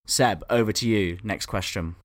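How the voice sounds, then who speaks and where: A man's voice: on the low side, moderate pace. A man hosting a casual podcast quiz, laughing often and swearing casually. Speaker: quiz host.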